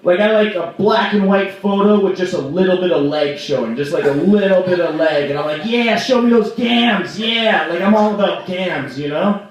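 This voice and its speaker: A man's voice: high-pitched, brisk. A young man performing a rambling stand-up set at an open mic in a small bar, with lots of "like" and mock outrage. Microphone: stage microphone. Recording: echoey room, voice from far off.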